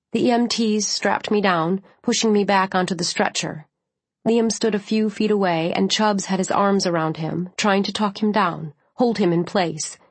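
A woman reading a first-person novel aloud as an audiobook narrator, with measured, steady delivery. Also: mid-range voice, no echo.

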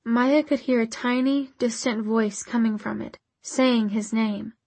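A woman narrating a novel in a measured, even storytelling manner. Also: a little high, dry recording. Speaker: audiobook narrator. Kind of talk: scripted narration.

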